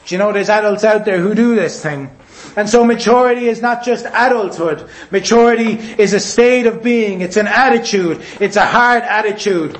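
A man preaching a sermon, forceful and repetitive, sometimes mimicking voices. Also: sits high, a little fast. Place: church hall. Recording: echoey room.

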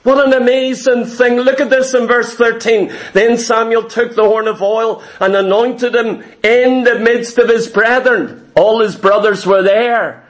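A man's voice: very high-pitched, fairly even intonation, measured pace, few pauses. A man preaching a sermon to a congregation, with an emphatic, repetitive cadence.

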